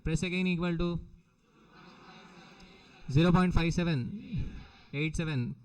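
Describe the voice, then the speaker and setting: Indian man lecturing, higher-pitched voice. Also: fairly even intonation, a little slow, poor audio. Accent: Indian English. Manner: repetitive, questioning the students often. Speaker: teacher. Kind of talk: recorded exam-prep lecture.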